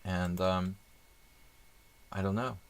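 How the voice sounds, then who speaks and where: A man's voice: low voice, steady tone, takes it slowly, smooth. A man doing live chess stream commentary, chatty and thinking aloud with rambling asides.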